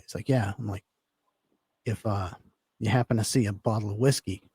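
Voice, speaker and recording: A man's voice: fairly low pitch, fairly even intonation, moderate pace, a little mellow, breathy edge, no room sound. A man telling a long personal story in casual talk, rambling with lots of fillers. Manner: rambling, filler-heavy, laid-back. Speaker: podcast guest telling a story.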